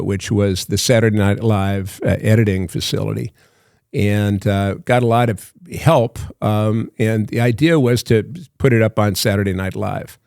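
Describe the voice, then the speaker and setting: An older man, a podcast guest, telling a long rambling story in a halting way with many fillers, acting out old phone calls. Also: fairly low pitch, vocal fry, a little mellow, no room sound, clean studio sound. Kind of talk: casual storytelling.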